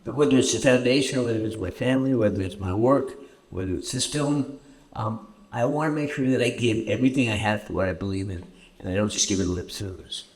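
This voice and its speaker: A man from Canada answering audience questions at a festival screening, halting and repeating words often as he tells stories. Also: fairly low pitch. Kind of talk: festival Q&A storytelling. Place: festival stage Q&A.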